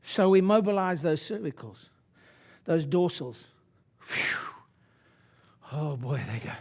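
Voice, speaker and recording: A brash older man in his sixties works a seminar room, his voice sitting high for a man. He swings between muttered low asides and loud, pitched-up rallying. A speaker in a conference room before an audience. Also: lively intonation, takes it slowly, pauses often. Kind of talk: motivational seminar talk.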